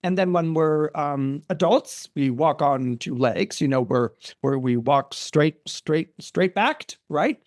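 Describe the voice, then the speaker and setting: A man's voice: fairly high pitch, animated, takes it slowly, hardly any pauses. A man voicing a young male hero who stammers nervously while working things out. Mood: unsure. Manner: hesitant, stammering.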